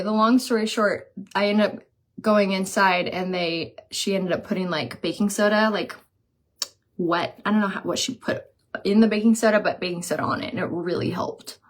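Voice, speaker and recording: A woman's voice: medium pitch, normal speed. Chatty woman live-streaming her makeup. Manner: chatty, reads viewer comments aloud and tells stories. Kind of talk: casual live chat while doing makeup.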